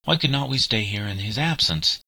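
An indignant, bitter young schoolboy, as a man reads him. The voice is very deep and forceful, recorded dry and close. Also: expressive, a little fast, vocal fry, dry recording, full character voice.

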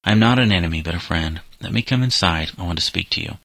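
A man reading a storybook voices a young farmhand who is calm, stern, firm, and earnest while reasoning with a boy. The delivery is exaggerated and quick, in a very deep, gravelly voice with a bright, forceful tone, recorded close and dry with no echo.

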